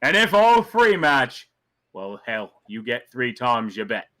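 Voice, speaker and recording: A man's voice: mid-range voice, sing-song, slow pace, fairly bright tone. A man voicing a smug, showy dice-game barker in a tavern.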